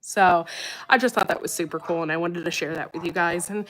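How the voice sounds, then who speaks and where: A woman's voice: fairly low pitch, steady tone, brisk, a bit bright, slight background noise. A woman hosting her farm channel's livestream, chatting casually, rambling and enthusiastic, often repeating herself.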